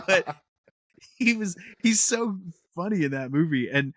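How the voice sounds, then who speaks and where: A man hosting a podcast in casual chat, animated, laughing often and acting out quotes. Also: high voice, measured pace, no room sound, studio quality. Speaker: podcast host.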